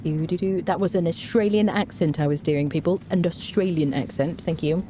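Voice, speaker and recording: A woman's voice: lowish voice, normal speed, mellow, slight background noise. A woman streaming a game, giving chatty live commentary, talking to her chat and humming to herself as she plays.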